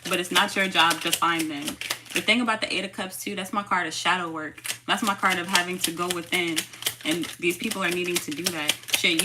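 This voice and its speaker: A woman's voice: lowish voice, background noise. A woman giving a casual, slangy tarot reading, stressing her points by repeating phrases. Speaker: tarot reader.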